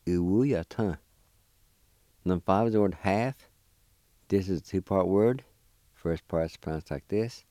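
A man hosts a vocabulary lesson, spelling and repeating each word slowly for learners. His voice is deep, dark and mellow. It sounds dry and close. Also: no room sound. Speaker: language teacher. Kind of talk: slow spelled-out language lesson.

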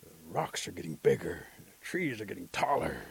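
A man voicing an eager, lovesick young man, excitable and plaintive. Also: on the low side, brisk, creaky, crowd noise, heavily acted.

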